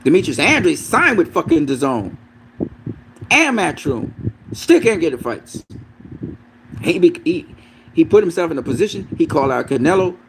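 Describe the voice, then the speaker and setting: A man's voice: on the high side, sing-song, moderate pace, pauses often, slight background noise, rough recording. A man giving a casual, profane, emphatic rant as a boxing commentator.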